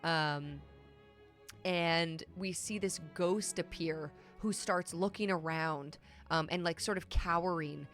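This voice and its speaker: A young woman narrates a tabletop game as its game master, in a relaxed, casual way full of ums and likes. Her voice sits a little low for a woman. Soft music plays behind her. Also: takes it slowly. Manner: casual, lots of filler words. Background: soft background music.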